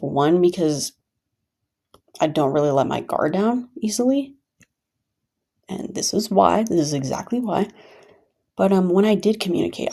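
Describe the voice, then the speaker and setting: A woman's voice: fairly low pitch, vocal fry, warm tone, slightly rough. A woman telling her own story in a venting vlog, talking emphatically and repeating points for stress. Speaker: vlogger.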